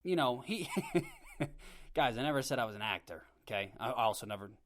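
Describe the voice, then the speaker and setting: A man's voice: mid-range voice, animated, moderate pace. Opinionated man ranting on his podcast. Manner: ranting, opinionated, rambling with restarts. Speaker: podcast host. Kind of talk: casual opinion monologue. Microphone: home podcast mic.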